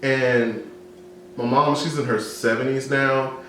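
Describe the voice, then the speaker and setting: A man's voice: medium pitch, fairly even intonation, takes it slowly, fairly bright tone. Candid man in an echoey room. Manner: candid, storytelling, acts out dialogue. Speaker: co-host. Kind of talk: casual discussion. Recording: echoey room with faint noise.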